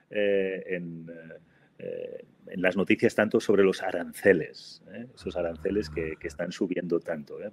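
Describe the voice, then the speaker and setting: A man's voice: deep voice, creaky, a little mellow, husky. A man teaching English grammar in a casual podcast chat, hesitant, full of fillers and "no?" tags. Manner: hesitant, many fillers, ends with "no?".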